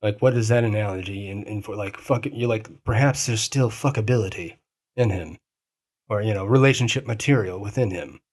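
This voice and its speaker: A man's voice: lowish voice, brisk, darkish tone. A man co-hosting a podcast in casual chat, teasing his friend and rambling, swearing freely. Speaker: podcast co-host.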